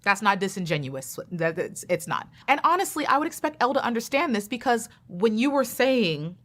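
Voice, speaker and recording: A woman's voice: a little high, very animated, fairly quick, fairly bright tone. A woman commenting bluntly and sassily. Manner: blunt, sassy and emphatic. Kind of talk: opinionated reaction commentary.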